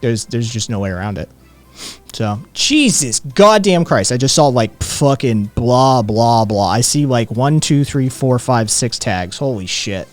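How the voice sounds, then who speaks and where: A man with a mid-range voice trading sarcastic, profane banter on a live stream. Faint music sits quietly behind him. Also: mid-range voice, animated, a little slow. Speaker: streamer co-host. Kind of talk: casual live-stream chat.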